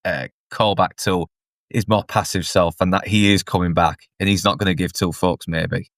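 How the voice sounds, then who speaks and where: Man, podcast guest, blunt, laid-back, low voice, dry sound. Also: steady tone, normal speed, a bit bright, no room sound. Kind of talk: casual episode review chat.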